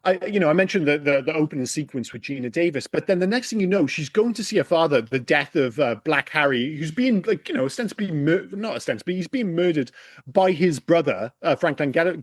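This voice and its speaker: A man with a high-pitched voice co-hosts a casual film podcast. He talks in an animated, exasperated way, swearing freely. The sound is close and dry. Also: a little fast, dry recording. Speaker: podcast co-host. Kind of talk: casual film review chat.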